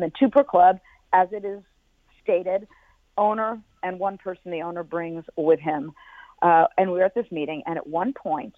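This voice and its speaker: A woman's voice: lowish voice, dry recording. Woman on a tinny phone line. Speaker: former football team executive, guest. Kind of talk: phone interview answering questions. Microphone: telephone.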